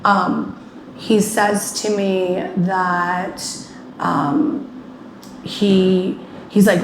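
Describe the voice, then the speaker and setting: A woman's voice: mid-range voice, flat delivery, extremely slow, creaky. A woman guest telling a painful personal story in a rambling way, with many fillers, often acting out what people said. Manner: rambling, many "like" fillers, acts out quoted speech. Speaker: interview guest. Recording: echoey room with faint ambient noise.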